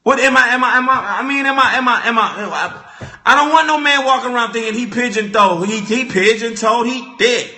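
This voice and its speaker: High, bright-voiced young man ranting. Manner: animated, repetitive, stammering restarts. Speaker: vlogger. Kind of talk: comedic storytelling rant. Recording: echoey room.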